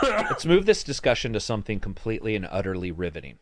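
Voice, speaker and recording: A man's voice: fairly low pitch, wildly swooping pitch, fast, very noisy. A man co-hosting a casual gaming chat show, reading viewer comments aloud and answering in a rambling, sarcastic way with plenty of swearing.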